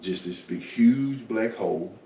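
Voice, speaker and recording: Deep-voiced man telling his faith story. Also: measured pace, mellow. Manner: reflective storyteller, peppers talk with "man" and "you know". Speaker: interview guest. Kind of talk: personal faith testimony interview. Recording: echoey room, from far off, faint noise.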